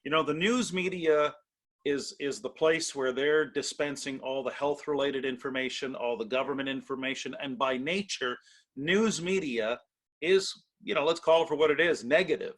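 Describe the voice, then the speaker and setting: Measured man hosting an interview. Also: on the high side, fairly bright tone. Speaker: host. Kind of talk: interview host commentary.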